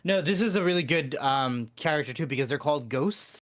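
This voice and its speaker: A man's voice: a little high, expressive, fairly quick, a bit bright. A man chatting over voice chat during a watch-along, opinionated and rambling with fillers. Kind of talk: casual group chat.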